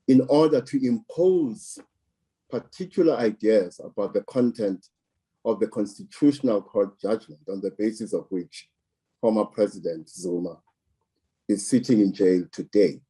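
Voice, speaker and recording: A man from South Africa speaks slowly and deliberately, leaning on repeated words to drive his points home. His voice is deep and dark, with a husky edge. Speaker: political commentator. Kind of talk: measured political commentary.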